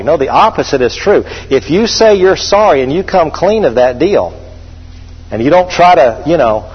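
A man's voice: a little high, slightly rough. A middle-aged man preaching a sermon as pastor, emphatic and calling out to his congregation for responses. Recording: dull echoey hall recording.

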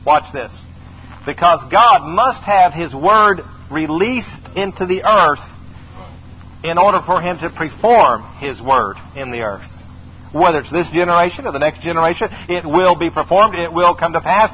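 A man's voice: a little high, normal speed, breathy edge. A middle-aged man preaching a sermon emphatically, repeating phrases and calling on the congregation to answer. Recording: slightly dull recording with faint noise.

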